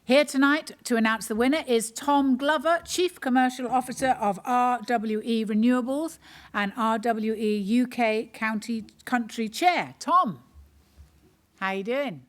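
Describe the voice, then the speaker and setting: A woman's voice: fairly high pitch, unhurried. Dry-witted woman comedian hosting awards. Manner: dry, self-mocking storytelling. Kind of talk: stand-up anecdote and award hosting.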